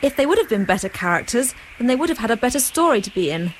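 A woman's voice: fairly high pitch, very animated, quick pace, slight background noise. Bossy woman narrator. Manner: bossy, exasperated. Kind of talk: scripted comic narration.

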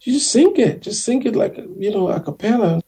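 A man voicing a chatty older gentleman in his sixties who keeps pushing and coaxing. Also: high-pitched, animated, normal speed, husky, voice pushed up, exaggerated voice. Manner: eager, pushy, coaxing.

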